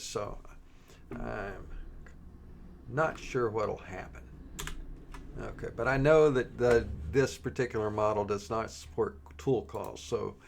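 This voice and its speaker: A man presenting a coding tutorial in a relaxed, halting way, with frequent pauses and restarts as he works through the demo. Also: on the low side, gravelly, background noise. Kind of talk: screen-recorded coding tutorial.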